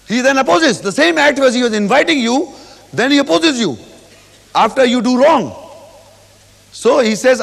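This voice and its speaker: A high-pitched man teaches scripture verse by verse. His voice has a gravelly edge, and it rings in a hall with long reverb. He talks slowly and repeats phrases. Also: lively intonation. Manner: slow, repeats phrases, acts out the speaker's quoted words. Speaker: Quran teacher. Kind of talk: verse-by-verse religious explanation.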